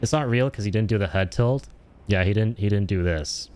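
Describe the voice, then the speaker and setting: A man's voice: lowish voice, fairly quick, darkish tone. A man streaming a video game, joking and swearing in casual commentary and slipping in Hindi phrases. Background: game music.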